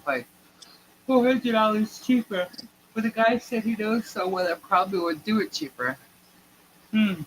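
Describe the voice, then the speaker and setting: Bright-voiced rambling woman telling stories. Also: sits low, slight background noise, low-quality recording. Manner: rambling, chatty, laughs between sentences. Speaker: livestream co-host. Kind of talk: casual live-stream storytelling.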